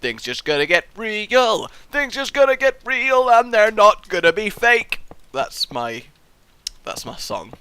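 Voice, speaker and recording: A young man hosting a gameplay video, rambling through excitable, goofy commentary and swearing freely. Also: sits high, a little slow, no echo. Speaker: let's play host.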